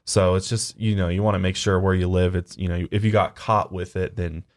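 Deep-voiced guy co-hosting a podcast, laid-back, rambly, lots of um and you know. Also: little pitch movement, a little fast. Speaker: podcast co-host. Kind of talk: casual podcast chat.

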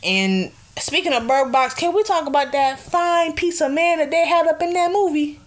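A young woman hosting a casual radio show, chatting in an animated, excitable way and laughing often. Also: high voice, normal speed. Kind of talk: casual chat.

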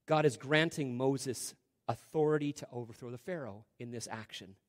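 A man preaching a sermon, conversational and full of rhetorical questions, often dropping to quiet emphasis. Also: medium pitch, moderate pace. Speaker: pastor.

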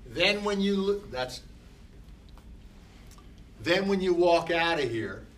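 Brief: older man lecturing a class, slow and pointed, bright tone, picked up from across the room. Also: high-pitched, expressive. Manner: emphatic, repeats short phrases. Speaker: teacher. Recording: distant mic with faint background noise.

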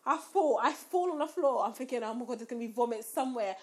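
Young woman, casual storyteller, animated and expressive, voice sits slightly high. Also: fast talker. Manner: animated, acts out quotes with rising squeals.

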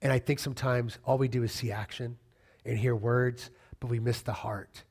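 A man's voice: mid-range voice, fairly even intonation, moderate pace, a little mellow. A middle-aged man preaching a sermon as a pastor, conversational and emphatic, repeating key phrases and joking casually with the congregation.

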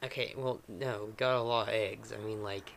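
A man's voice: lowish voice, steady tone, moderate pace, gravelly, a bit bright, slight background noise. A man voicing a friendly alligator person with a put-on Southern accent, improvising in a tabletop game. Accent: put-on American Southern. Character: folksy southern alligator person, hospitable host. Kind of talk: improvised tabletop role-play.

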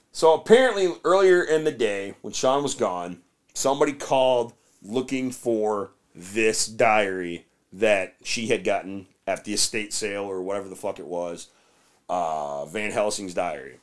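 A man hosting a podcast, casually recapping a film with lots of swearing and silly acted-out bits of dialogue. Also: mid-range voice. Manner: crude, rambling, acts out scenes in silly voices. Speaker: podcast host. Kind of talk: casual movie recap with profanity.

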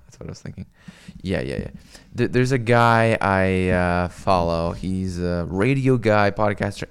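Gravelly young man rambling on stream. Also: on the low side, darkish tone. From US West Coast. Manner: rambling and profane, with many fillers. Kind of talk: casual stream chat with viewers.

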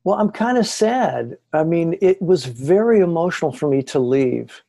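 A man who is a guest on a podcast, telling stories in an animated, excited way. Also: fairly high pitch, normal speed, gravelly. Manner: excited, lively retelling. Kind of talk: animated storytelling.

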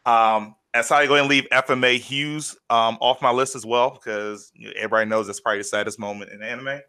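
A podcast co-host with a clear, resonant mid-range voice speaks quickly, retelling stories in an animated, casual chat. He uses lots of fillers and sounds choked up, close to tears.

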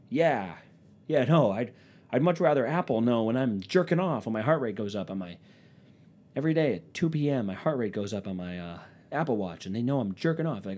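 A man's voice: medium pitch, animated, fairly quick, a little mellow. A young man with a stuffy nose from allergies, rambling through a sarcastic, profanity-laced comedic monologue. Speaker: vlogger.

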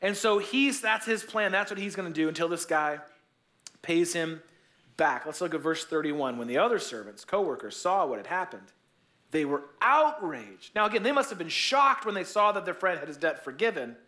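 High-voiced pastor preaching with jokes. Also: male voice, bright, forceful tone. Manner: conversational storytelling with joking asides. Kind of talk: sermon.

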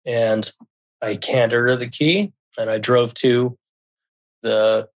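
A man's voice: mid-range voice, fairly even intonation. A middle-aged man telling a personal story in casual speech, stopping often to restart and correct himself. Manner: halting, with frequent restarts and self-corrections.

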